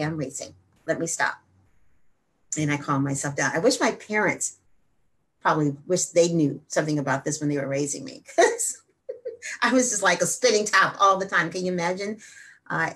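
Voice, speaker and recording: A woman hosting a wellness show, talking energetically and then slowing down to guide a simple meditation. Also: fairly low pitch, lively intonation, fairly bright tone, slightly rough. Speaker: wellness host.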